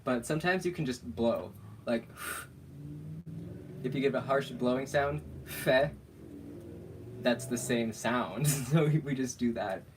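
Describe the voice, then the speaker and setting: Slow, playful man teaching an alphabet. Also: medium pitch, noisy background. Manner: slow, playful, often laughing. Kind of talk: casual livestream lesson.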